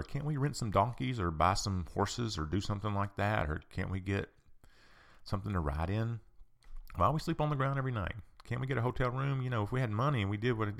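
A man's voice: medium pitch, gravelly, pitched above the performer's own voice. Man doing a whiny spoiled rich young man. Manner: complaining, nagging questions.

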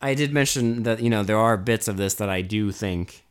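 A man's voice: fairly low pitch, normal speed, clean tone. A man co-hosting a casual movie review podcast, exasperated and rambling, with frequent swearing. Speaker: podcast co-host.

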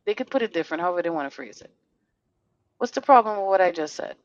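A woman's voice: lowish voice, lively intonation, quick pace, no room sound. Woman podcast host, fiery and blunt, swears freely, dry muffled sound. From Connecticut. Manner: fiery, blunt, profane, rhetorical questions. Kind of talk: heated casual podcast talk.

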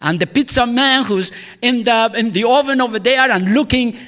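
A man rambling through a heartfelt personal monologue, veering from excited outbursts to hushed, near-whispered lines, with frequent laughs and exclamations. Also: very high voice, moderate pace, long reverb tail. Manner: laughs often, sighs and exclaims.

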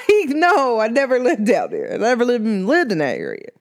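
Chatty slang-filled woman vlogger. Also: moderate pace. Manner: slangy, chatty, laughs often, pitch swoops up when excited. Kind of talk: casual motivational monologue.

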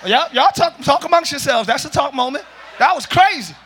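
A man preaching a lively sermon as pastor to a congregation, joking and calling out to them. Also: very high voice, brisk, some chatter behind. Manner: shouting, joking, calls to the congregation. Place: large church with congregation.

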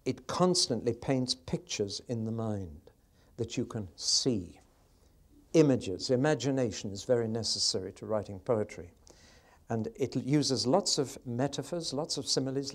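A man giving a lively Bible teaching on poetry, often asking the audience questions and changing his pace. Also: mid-range voice. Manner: expressive, varies pace, asks the audience questions. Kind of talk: sermon-style Bible teaching.

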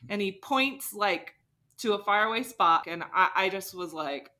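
A young woman co-hosting a podcast, telling a personal story in a lively way and acting out the quotes. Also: medium pitch, a little slow. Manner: animated, acts out quotes. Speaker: podcast co-host, daughter. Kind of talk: casual storytelling.

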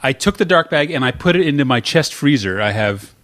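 A man co-hosting a casual chat, telling stories in an animated, rambling way. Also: mid-range voice, fairly quick. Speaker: podcast co-host.

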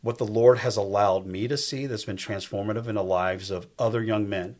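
A man's voice: fairly low pitch, fairly even intonation, fairly quick, a little mellow. A man in his fifties, a guest in a faith-based conversation, who talks emphatically in a preacherly rhythm and repeats his key lines. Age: 50s. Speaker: guest on a faith talk show.

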